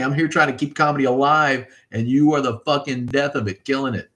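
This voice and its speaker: A man's voice: mid-range voice, fairly quick, a bit bright. Profane, rambling middle-aged man. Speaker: livestream host. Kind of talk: casual livestream chat reading viewer comments.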